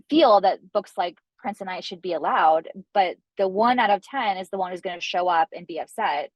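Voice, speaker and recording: A woman's voice: on the low side, no echo, dull audio. A woman author, a guest in a library discussion, explaining earnestly with frequent restarts. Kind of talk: discussion talk.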